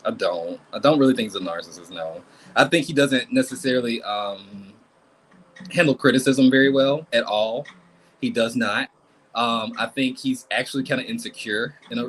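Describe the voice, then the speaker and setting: A man's voice: medium pitch, a little hiss or hum, rough recording. A man doing a casual live tarot reading, talking bluntly and swearing often. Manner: blunt, animated, swears and laughs a lot. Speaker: tarot reader.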